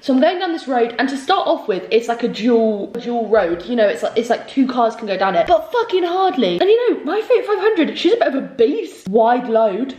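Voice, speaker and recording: A woman's voice: sits high, normal speed. A young woman telling a sweary, comic storytime rant about a stressful drive. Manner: sweary, animated, comic exaggeration. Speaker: vlogger. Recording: echoey room.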